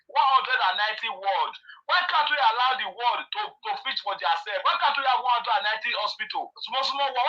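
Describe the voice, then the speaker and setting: A man's voice: very high voice, sharp tone. A man with a Nigerian Pidgin accent talking politics in casual chat, passionate and firing off rhetorical questions. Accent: Nigerian Pidgin English. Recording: muffled lo-fi phone line.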